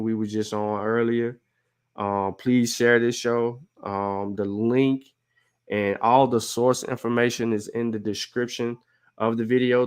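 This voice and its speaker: A man's voice: on the low side, a little mellow, clear, resonant tone. A man hosting an online show, talking earnestly in a rambling way with many fillers. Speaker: show host. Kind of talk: casual livestream talk.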